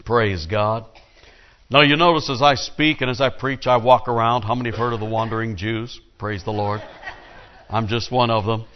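A male pastor preaching a sermon with lively storytelling, calling on the congregation to answer. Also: medium pitch, normal speed, muffled recording.

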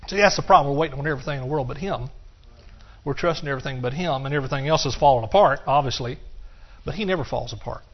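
A man's voice: medium pitch, fast. A middle-aged man preaching a sermon, breaking into song and calling out to his congregation. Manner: bursts into song and laughter, calls out to the congregation. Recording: dull, muffled recording.

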